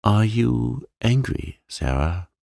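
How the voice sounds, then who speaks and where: Brief: man reading a reverent, earnest suitor in a storybook; deep, gravelly, slow and pleading. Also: a little mellow, dry recording, studio quality, exaggerated voice. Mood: humble.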